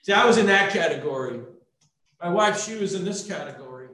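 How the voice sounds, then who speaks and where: High-voiced preacher in an echoey hall. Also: male voice, lively intonation, fairly quick. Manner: dramatic swings from hushed to loud. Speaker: pastor. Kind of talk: sermon. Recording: echoey room, mic from far off.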